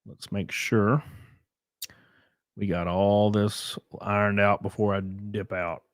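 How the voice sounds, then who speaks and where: Man streamer, casual rambling host, lowish voice, dry close sound. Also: little pitch movement, slow pace, no echo. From Southern United States. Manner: rambling, jokey, reads out chat messages. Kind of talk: casual live-stream chat.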